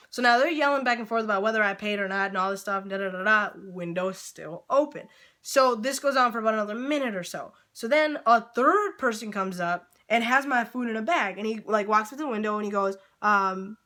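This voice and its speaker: A woman's voice: on the high side, brisk. A young woman vlogger casually telling a storytime anecdote, chatty and full of fillers, acting out her own reactions. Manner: chatty, filler-heavy, animated retelling.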